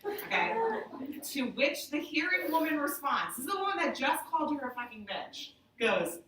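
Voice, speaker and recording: A woman who works as a sign language interpreter, telling stories to a group in a chatty, animated way with lots of "like". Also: high voice, fairly quick, slight background noise. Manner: animated, chatty, heavy use of "like". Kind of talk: casual storytelling to a group. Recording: echoey room, voice from far off.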